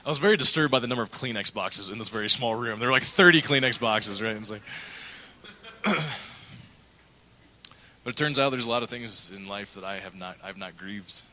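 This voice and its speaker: A man's voice: fairly low pitch, fairly quick, sharp tone, slight background noise, poor audio. A middle-aged male pastor preaching a sermon, telling a candid personal story and acting out the quotes. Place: church.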